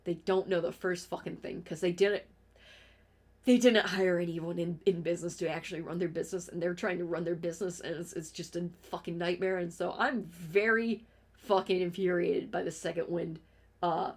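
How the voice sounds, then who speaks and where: A woman's voice: on the low side, steady tone, moderate pace, a little mellow, slightly rough. A woman streamer in a casual, profane rant, heated and exasperated, firing off complaints with restarts. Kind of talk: casual ranting commentary.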